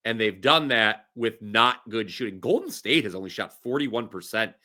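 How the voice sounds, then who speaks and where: Male betting-show host, bright tone, upbeat and jokey. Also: on the low side, animated, moderate pace. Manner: upbeat, jokey, laughs easily. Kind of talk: casual sports betting talk.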